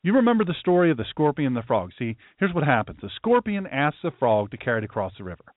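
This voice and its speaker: Male pastor-host, animated delivery, emphatic ranting monologue, tinny phone-like sound. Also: mid-range voice, fast talker, no room sound. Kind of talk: political talk show monologue. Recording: tinny phone-like line, dry.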